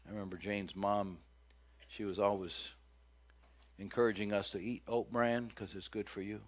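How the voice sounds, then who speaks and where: A middle-aged man preaching a sermon as pastor, folksy and joking, with big loud swings when he acts out cries. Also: fairly low pitch, level tone, moderate pace.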